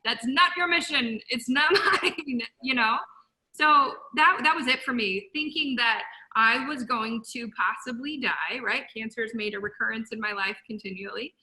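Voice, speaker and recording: A woman speaking as a guest, telling her story in a passionate, blunt motivational way and loudly quoting herself. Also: a little high, moderate pace, low-quality recording. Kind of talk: emotional motivational talk.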